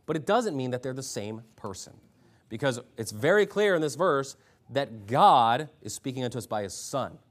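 A man preaching a sermon as pastor, forceful, rising loud when he reads scripture, and clearing his throat often. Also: medium pitch, lively intonation, moderate pace.

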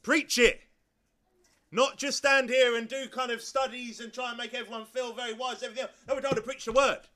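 A man's voice: extremely high pitch, a little fast, bright, forceful tone. A male pastor preaching a sermon, emphatic and driving, who repeats his points and fires off rhetorical questions.

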